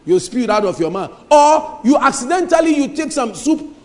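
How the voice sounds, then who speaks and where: A man preaching an emphatic sermon in a church, repeating lines and rising to shouts. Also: very high-pitched, big pitch swings, moderate pace. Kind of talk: lively sermon. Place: church hall. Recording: reverberant church hall.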